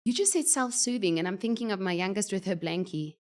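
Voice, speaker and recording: A woman's voice: mid-range voice, expressive, a little fast. A woman with a South African English accent, hosting a panel discussion and asking curious questions. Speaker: host.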